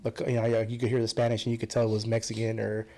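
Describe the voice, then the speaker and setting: Fast-talking rambling man, casual chat. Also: lowish voice, monotone, dark tone. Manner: rambling storyteller, many restarts and fillers. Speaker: podcast guest.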